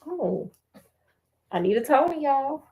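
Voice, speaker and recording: Sassy, animated woman storyteller. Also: high voice, takes it slowly, lo-fi sound, slight background noise. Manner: sassy, animated, laughing asides. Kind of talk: book reading with comic commentary.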